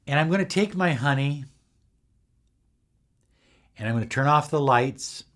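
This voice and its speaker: A middle-aged man calmly demonstrating and explaining a spiritual ritual step by step, sometimes dropping to a soft, hushed voice. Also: on the high side. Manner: calm, measured, drops to a soft near-whisper while demonstrating. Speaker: spiritual teacher.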